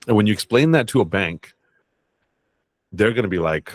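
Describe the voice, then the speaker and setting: A crypto tax educator with a lowish voice and lively intonation teaches an online masterclass on crypto and banking at normal speed, with long pauses. He talks casually and bluntly, swearing now and then and briefly acting out bank staff, in a dry recording.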